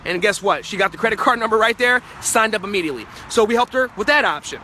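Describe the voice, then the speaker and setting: Fast, forceful high-voiced man. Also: lively intonation, slight background noise. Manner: fast, forceful and emphatic, acts out client voices. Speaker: sales trainer. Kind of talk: motivational sales talk.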